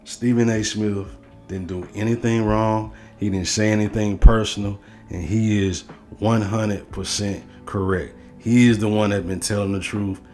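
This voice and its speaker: A man's voice: fairly low pitch, steady tone, measured pace, a little mellow, soft background music. Heated, profane male sports ranter. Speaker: sports show host. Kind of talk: sports commentary rant.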